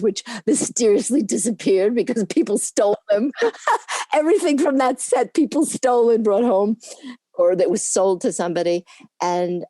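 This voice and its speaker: An older woman who works as a camera assistant chats in an interview, rambling along and laughing often. Her medium-pitched voice is mellow, captured in clean studio sound with no room echo.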